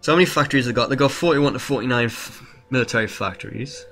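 A man's voice: mid-range voice, fast talker, a bit bright, soft background music. A man giving casual strategy gameplay commentary as a video host, swearing freely and talking to his viewers.

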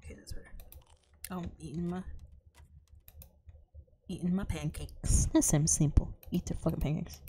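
A woman's voice: on the low side, fairly even intonation, moderate pace, pauses often, warm tone, a little hiss or hum. A young woman streamer chatting casually through a horror game, swearing freely and often dropping into a whisper. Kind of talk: casual let's-play commentary.

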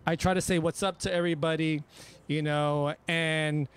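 High-pitched man chatting casually. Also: normal speed, smooth. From Bay Area. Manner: animated, profane storytelling with many restarts. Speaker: guest DJ. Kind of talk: casual podcast chat.

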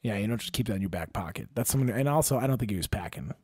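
Talking very fast in a low, husky voice, a young Wisconsin comic chats on his podcast, recorded dry at studio quality. His stories are animated, profane and meandering.

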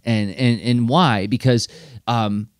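A man's voice: medium pitch, fairly even intonation, slow pace, no room sound, clean studio sound. A man co-hosting a podcast, explaining ideas in an earnest, reflective way. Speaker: podcast co-host. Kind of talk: casual podcast chat.

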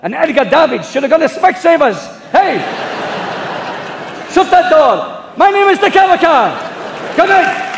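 A man's voice: extremely high pitch, very animated, a little slow, gravelly, long pauses, crowd noise, background noise, full character voice. A man impersonating a brash Dutch football manager with a Dutch accent, doing hammy stand-up patter on a live stage. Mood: mock serious. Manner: loud, hammy, punchline-driven, shouted catchphrases. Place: large theatre stage. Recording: live hall with audience.

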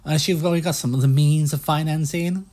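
A man voicing a pushy, fast-talking used-ship salesman with a put-on American salesman accent, reading game dialogue. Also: on the high side, fairly even intonation, warm tone, pitched above the performer's own voice, natural voice. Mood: smooth salesy. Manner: slick, hard-selling patter.

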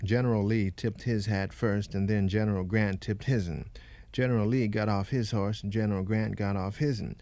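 A man giving a steady first-person reading of a former slave's account, in rural dialect. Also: on the low side, moderate pace.

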